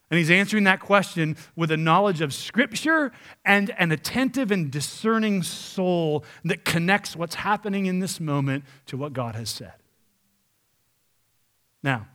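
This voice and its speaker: Male preacher, high voice, emphatic sermon delivery. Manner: animated, emphatic preaching with paraphrased quotes.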